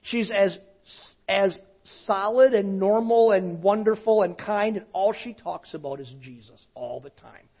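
A pastor with a fairly high, husky voice tells a story from the pulpit, casual and conversational, often sinking to a near hush. The recording sounds dull and lo-fi. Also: male voice, unhurried. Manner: conversational, often dropping to a hushed voice. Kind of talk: sermon storytelling.

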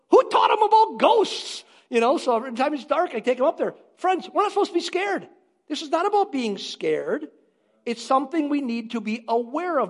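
A man preaching a sermon as a pastor, emphatic and repeating phrases for stress. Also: extremely high pitch.

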